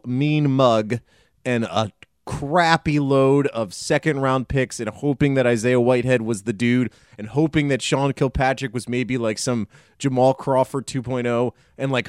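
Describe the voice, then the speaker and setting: A man co-hosting a casual sports podcast, talking in an excitable, rambling and jokey way. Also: medium pitch, no echo, clean studio sound. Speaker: podcast co-host.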